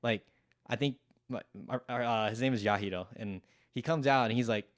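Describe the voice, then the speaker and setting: A man's voice: medium pitch, a little fast, no room sound, clean studio sound. A young man telling a rambling, profane story in casual chat as a podcast guest, acting out what others said. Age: young adult. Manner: rambling, swears freely, acts out quotes.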